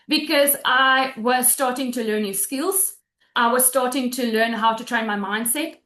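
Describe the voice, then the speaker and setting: A woman's voice: on the high side, a bit bright, roomy sound. A woman giving a heartfelt, emotional testimonial on a video call webinar, close to tears and often restarting her sentences. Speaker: guest sharing a testimonial.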